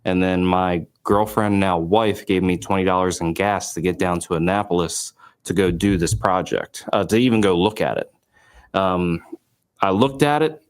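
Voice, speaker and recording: A man in his late twenties, a company founder, telling his story in an interview with lively quoted dialogue and many fillers. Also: low voice, normal speed, clean tone.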